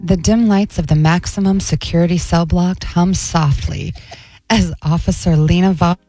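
A woman radio host reading a racy story aloud on air in a slow, careful voice. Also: lowish voice, fairly even intonation, dark tone, soft background music, low-quality recording.

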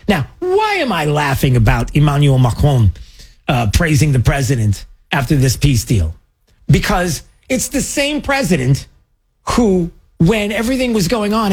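A man hosting a radio talk show, chatting casually and sarcastically, sometimes jumping into mocking high voices. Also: a little mellow, breathy edge.

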